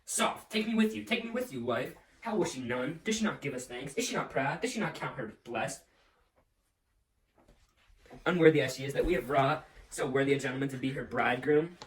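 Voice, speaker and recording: A man's voice: medium pitch, lively intonation, fairly quick, distant mic, close to an everyday voice. A man playing a furious, domineering nobleman father in an amateur Shakespeare reading, with blustering, theatrical rants. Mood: raging. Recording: roomy echo, off-mic.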